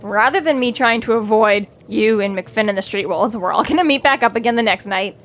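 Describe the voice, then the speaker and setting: A woman's voice: fairly high pitch, fairly quick, fairly bright tone. A young woman co-hosting a casual book podcast, who acts out the characters' lines with swearing and laughter. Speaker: podcast co-host. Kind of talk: casual book discussion chat.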